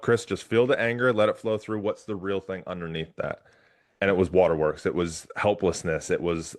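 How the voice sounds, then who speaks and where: A man hosting a casual interview, telling a personal story in an animated way with frequent restarts. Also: deep voice. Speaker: podcast host.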